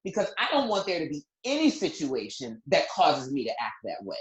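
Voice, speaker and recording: A woman's voice: deep voice, big pitch swings, fairly quick. A woman co-hosting a podcast as a relationship coach, talking frankly and reflectively with playful asides. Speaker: podcast co-host, non-monogamy coach. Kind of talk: candid podcast conversation. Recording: echoey room.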